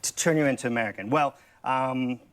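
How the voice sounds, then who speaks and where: A man's voice: medium pitch, a little fast, a bit bright. A man, a coach and TV guest, explaining his method step by step with many restarts. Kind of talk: TV interview. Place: TV studio.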